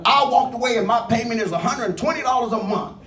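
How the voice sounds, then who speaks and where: Male pastor, high voice, lively call-and-response preaching, distant mic in a reverberant sanctuary. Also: fast talker. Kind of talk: sermon. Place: church sanctuary. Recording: echoey church room, mic at a distance. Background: congregation responding with amens.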